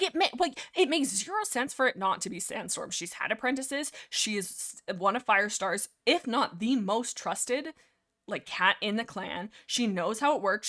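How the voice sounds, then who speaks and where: Brief: female streamer, casual rambling book talk, sarcastic, mid pitch. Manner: animated, sarcastic, many fillers and restarts. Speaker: streamer discussing a book series.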